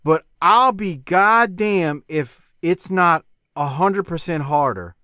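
A man's voice: a little high, takes it slowly, clean tone, no echo, studio quality. A middle-aged man co-hosting a podcast, chatting casually about old wrestling and laughing a lot. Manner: animated, laughing, says "bruh" a lot. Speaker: podcast co-host. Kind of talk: casual banter reviewing wrestling.

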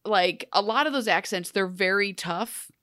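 A woman's voice: medium pitch, normal speed, a bit bright, no echo. Emphatic woman, dry close sound. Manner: emphatic, rambling opinions with restarts. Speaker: podcast co-host. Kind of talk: casual chat recapping a TV show.

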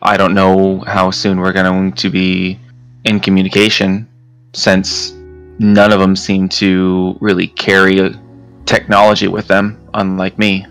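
A measured adult werewolf speaks in formal, slightly old-fashioned phrasing, as a man plays him. His voice is low and flat, with faint music behind. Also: clean tone. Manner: formal, slightly archaic wording. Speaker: player.

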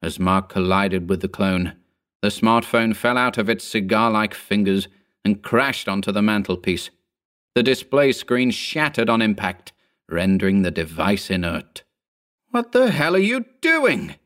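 A man narrating his own written story in a measured, wry reading. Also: on the low side, fairly bright tone. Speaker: narrator and author.

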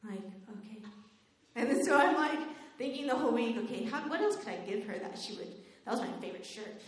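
A young woman giving a faith talk, telling personal stories in a lively way, laughing often and saying "like" a lot. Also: a little high, a little fast. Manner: animated storytelling, laughs often, says "like" a lot. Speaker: youth speaker. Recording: very echoey room.

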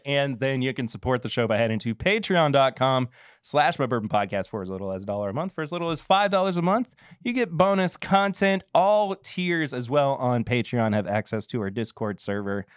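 A man's voice: mid-range voice, a little fast, smooth, dry recording, studio quality. A man hosting a casual podcast, chatty and jokey, laughing often between reads. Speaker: podcast host.

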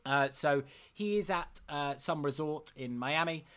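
A man's voice: fairly high pitch, a little slow, a bit bright, smooth. A man recapping a film in casual chat, rambling with many fillers and acting out lines. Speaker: podcast co-host.

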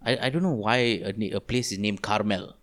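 A man's voice: on the low side, a little fast, fairly bright tone. A man with a Malaysian English accent, co-hosting a podcast and retelling a story in loose casual chat with local slang. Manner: loose, easily laughing, drops in local slang. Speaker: podcast co-host.

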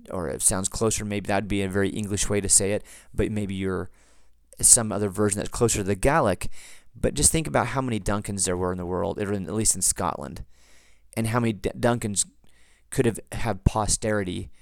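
Male podcast host, lowish voice, dry close sound, casual teacherly delivery. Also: no room sound. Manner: chatty, digressive, teacherly. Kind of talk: casual explanatory podcast talk.

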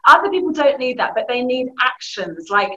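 A woman with a British accent, giving lively, animated advice as a guest in a conversation, often laughing. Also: sits high, moderate pace. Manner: animated, laughing, acting out family voices. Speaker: youth work guest. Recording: muffled lo-fi audio.

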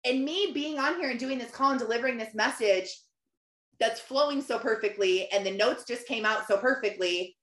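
A woman in her thirties hosting a faith podcast, earnest and animated, acting out her own inner dialogue. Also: a little high, normal speed. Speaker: podcast host. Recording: echoey room.

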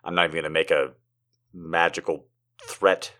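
A man reading poems aloud and joking between them, moving from slow dramatic recitation to fast, excited, profane banter. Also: low voice. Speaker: poetry reader. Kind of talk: casual poetry reading with commentary.

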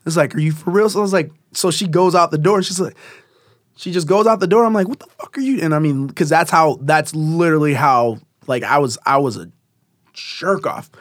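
A man talking through a personal story in loose, rambling conversation, full of fillers and restarts. His voice sits fairly high for a man. The sound is close and dry. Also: a little fast, no echo. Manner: rambling, many fillers and restarts, laughs often. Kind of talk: casual conversation.

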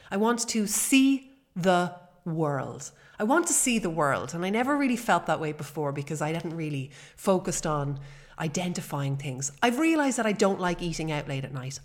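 A woman in her forties talks through a personal podcast episode, sincere and chatty, with the odd "um" along the way. Her voice sits a little low for a woman. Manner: warm, earnest and chatty, with fillers. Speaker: podcast host.

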